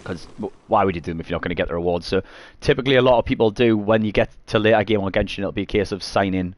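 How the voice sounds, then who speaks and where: A man with a fairly low pitch speaks rapid-fire in a clean recording with no room sound. The gaming streamer rambles through a casual tutorial, correcting himself often, and his coughing and throat clearing after eating garlic keep cutting him off.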